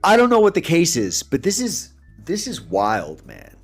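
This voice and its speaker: A high-voiced man gives reaction commentary in an animated way, his pitch swinging up and down as he talks. He chuckles often while he breaks down what he is watching. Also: moderate pace, breathy edge, soft background music.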